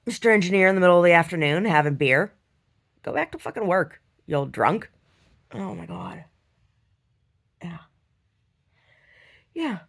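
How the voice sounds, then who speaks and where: A woman's voice: on the low side, sing-song, moderate pace, gravelly, long pauses. A woman artist telling a rambling, profane story in a casual vlog, full of restarts. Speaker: conceptual artist.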